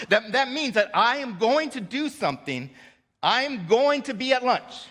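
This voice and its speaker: A man preaching a sermon as pastor, emphatic, rising and dropping sharply in pitch and volume, with light laughs between points. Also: big pitch swings, moderate pace, sharp tone, big-room sound. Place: church sanctuary.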